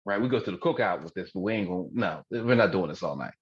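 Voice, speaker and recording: Low husky man, frank and profane. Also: lively intonation, quick pace, no echo. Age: 40s. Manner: frank, profane, laughs at own jokes. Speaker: podcast co-host. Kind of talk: candid comedic chat. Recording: dull dry lo-fi recording.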